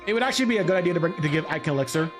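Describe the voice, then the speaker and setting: A man streaming a video game, rambling and joking with chat in a loose, animated way. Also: fairly high pitch, racing, over music. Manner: animated, rambling, jokey, laughs often. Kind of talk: live gaming commentary.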